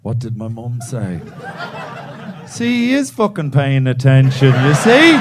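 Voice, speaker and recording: A man's voice: mid-range voice, wildly swooping pitch, a little slow, noisy background. A man performing stand-up comedy in a club, swearing freely and teasing a man in the audience. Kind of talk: stand-up comedy crowd work.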